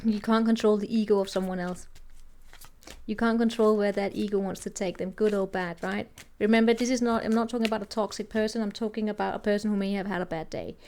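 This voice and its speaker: Rambling, mellow-voiced woman tarot reader. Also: medium pitch, steady tone, fast talker. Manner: rambling, thinking aloud with many restarts. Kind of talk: casual tarot reading monologue.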